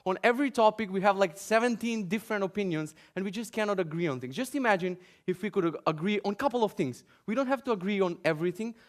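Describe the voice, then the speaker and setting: A man's voice: high voice, quick pace, few pauses. Joking ranting man at a conference. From North Macedonia. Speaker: conference speaker. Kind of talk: conference talk. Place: conference hall.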